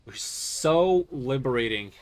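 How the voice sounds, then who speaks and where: A man's voice: medium pitch, lively intonation, a little slow, no echo. Guy streaming on a headset, stumbles and restarts words a lot, rambly. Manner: stuttering, self-correcting, rambling. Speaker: game streamer. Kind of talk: casual gaming stream talk.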